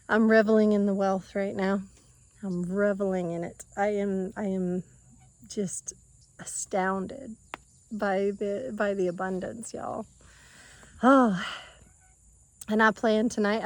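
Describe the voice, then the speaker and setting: Woman vlogger, gushing and teary, mid-pitched voice, dry close sound, easy casual delivery. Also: a little mellow, no echo. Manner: emotional, gushing, laughs often, halting restarts. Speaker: homesteading vlogger. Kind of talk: casual heartfelt monologue. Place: outdoors at a farm orchard.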